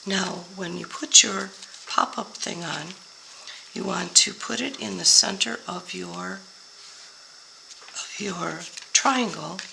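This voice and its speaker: An older woman with a hoarse voice, slowly explaining each step of a papercraft card tutorial while she works. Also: on the low side, background noise. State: hoarse, voice going out. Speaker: papercraft demonstrator.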